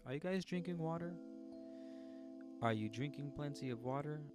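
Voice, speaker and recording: A man's voice: fairly high pitch, moderate pace. A man hosting a livestream, reading a book aloud and breaking off to chat and joke with his viewers. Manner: playful, chatty, joking with viewers. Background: guitar music.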